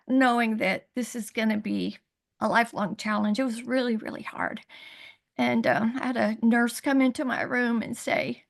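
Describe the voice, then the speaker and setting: A middle-aged woman on a video call, earnestly telling a hard personal story, halting and rising in pitch when upset. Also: fairly even intonation, gravelly. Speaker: guest sharing her story. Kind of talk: emotional personal testimony.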